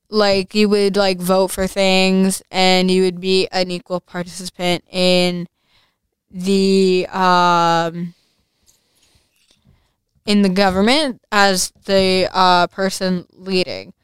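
Brief: teen girl podcaster with a lisp, slow unhurried delivery, very clear voice, dry close sound. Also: medium pitch, a bit bright, dry recording. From United States. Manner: rambling, many fillers and restarts. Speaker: podcast host. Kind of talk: casual solo podcast.

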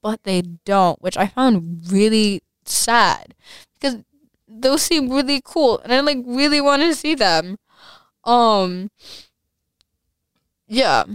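A woman's voice: a little high, expressive, takes it slowly, long pauses, clean tone, no room sound. A young woman with a lisp hosting a casual solo podcast, rambling with many fillers and restarts. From United States. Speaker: podcast host.

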